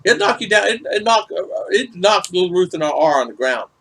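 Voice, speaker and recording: A man's voice: high-pitched, very animated, fairly quick, vocal fry, a bit bright. A middle-aged man hosting a casual livestream, chatting and greeting viewers in the chat by name. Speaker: vlog host reading live chat.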